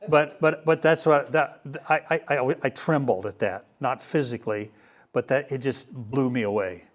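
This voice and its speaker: An older man teaching a Bible class in a relaxed lecture style, pausing often with fillers and restarts. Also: mid-range voice. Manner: hesitant, many fillers and restarts. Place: room with a live class.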